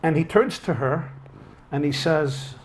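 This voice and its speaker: A man's voice: a little high, a little slow, slight background noise. A man teaching a class as a rabbi, telling a story as a lecture and acting out the dialogue. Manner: animated, acts out quoted dialogue. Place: lecture hall with a live audience.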